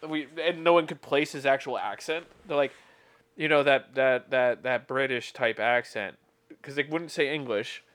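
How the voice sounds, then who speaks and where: A man at an ordinary mid pitch talking in a relaxed, chatty way. He acts out other people's lines with lively inflection as he tells stories. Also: moderate pace. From California. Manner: chatty, animated when quoting people. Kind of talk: casual chat.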